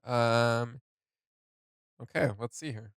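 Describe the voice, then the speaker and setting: A tearful man hosting a song reaction, talking in a halting, emotional way as he comments on what he hears. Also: medium pitch. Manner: halting, emotional, thinking aloud. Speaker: music reaction host.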